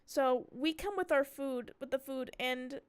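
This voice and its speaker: A young woman streamer telling a story in casual chat, animated and swearing freely. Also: high-pitched, unhurried. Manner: chatty and animated, swears freely, mimics her cat's screams.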